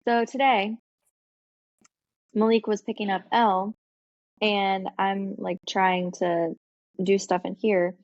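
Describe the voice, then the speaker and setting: A woman's voice: medium pitch, level tone, slow pace, long pauses, a little mellow, no room sound, lo-fi sound. Chatty woman telling a story, filler-heavy. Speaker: podcast co-host. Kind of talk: casual chat.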